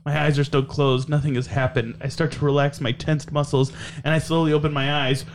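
A man's voice: a little high, level tone, a little fast, a little hiss or hum. A man co-hosting a comedy podcast, reading fan fiction aloud with mock drama and laughing reactions. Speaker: podcast co-host.

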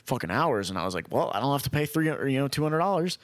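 A man's voice: medium pitch, sing-song, fast, no echo. A young man in casual conversation telling a long story, rambling, swearing freely and acting out what people said. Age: young adult. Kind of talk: casual chat.

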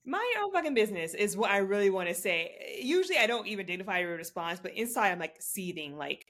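A young adult woman co-hosting a podcast, chatting casually, animated and profane, laughing often. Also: mid-range voice, fast talker, hardly any pauses. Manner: animated, swearing, laughs a lot. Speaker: podcast co-host. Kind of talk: casual chat.

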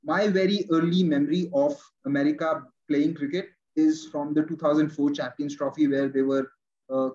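Halting host on dull lo-fi audio. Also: male voice, a little high, fairly even intonation, dark tone. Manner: halting, repeats words while forming questions. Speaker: show host interviewing a guest. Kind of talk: interview hosting.

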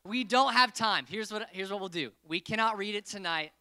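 A man's voice: high-pitched, moderate pace, bright, forceful tone, smooth, no echo, clean studio sound. A man in his thirties preaching a casual, joking sermon to a congregation. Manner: playful, joking with the crowd.

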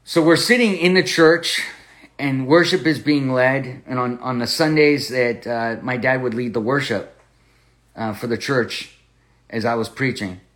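A man's voice: mid-range voice, unhurried, a bit bright. A man hosting a Bible study podcast, telling a personal testimony in an earnest way and often restarting his words. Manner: earnest storytelling with frequent restarts. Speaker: podcast host and Bible teacher.

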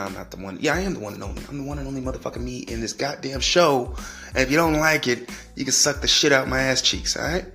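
A man's voice: mid-range voice, bright, forceful tone. A man hosting a solo podcast, ranting in a profane, rambling way and repeating himself. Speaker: podcast host.

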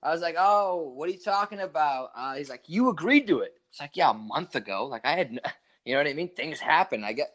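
A man's voice: on the high side, animated, fast talker, fairly bright tone. Laid-back profane young man telling stories. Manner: rambling, profane, laid-back, acts out quotes. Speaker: podcast co-host. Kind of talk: casual storytelling chat.

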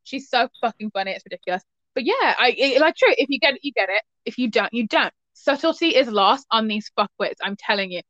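A young woman chats freely on a podcast, her voice bright and forceful, full of swearing and sudden shrieks of laughter. It sounds close and dry, with a slightly dull, lo-fi edge. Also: fairly high pitch, lively intonation, brisk, no room sound. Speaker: podcast co-host. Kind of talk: casual chat.

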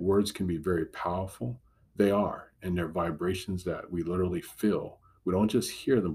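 A man's voice: sits low, darkish tone, slightly rough. A man giving a devotional teaching talk as a Christian motivational speaker, earnest and encouraging, driving points home with repetition.

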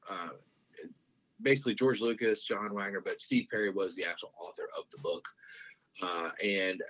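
A man's voice: sits low, fairly even intonation, moderate pace, fairly bright tone. A man in his thirties, chatting casually, rambling with lots of fillers, restarts and swearing. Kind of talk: casual chat. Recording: dull lo-fi sound.

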